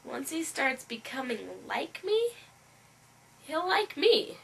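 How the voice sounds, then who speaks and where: A woman with a high, gravelly voice speaks slowly and in a sing-song way, playing a comedic confessional speaker in a deadpan mock interview. She answers the interviewer in a smug, matter-of-fact manner, at times stretching out her words, with faint background noise behind her.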